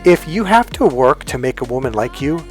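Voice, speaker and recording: A man's voice: medium pitch, big pitch swings, normal speed, faint music behind. A middle-aged man, a dating coach, telling a story to camera in a blunt way, swearing freely and acting out what people said. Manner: blunt, swears freely, acts out quoted lines.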